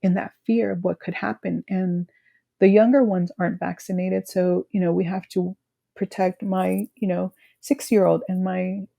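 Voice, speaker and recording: Soft-spoken woman with a gravelly low voice. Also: level tone. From California. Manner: halting, full of "you know" fillers, soft-spoken. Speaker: guest sharing her grief. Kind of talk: emotional personal conversation.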